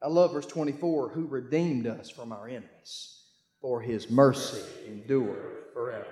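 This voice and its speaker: A man preaching a sermon, reading scripture aloud and calling his congregation to read along, with bursts of shouting. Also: medium pitch, normal speed, reverberant. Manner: call-and-response, urging the congregation to read along. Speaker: pastor.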